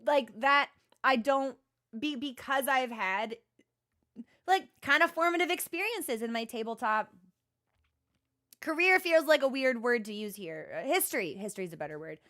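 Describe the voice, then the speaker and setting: A young woman talks casually to her stream chat with a slightly high voice. She rambles, second-guesses herself and restarts her sentences, self-deprecating throughout. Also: animated, normal speed, fairly bright tone.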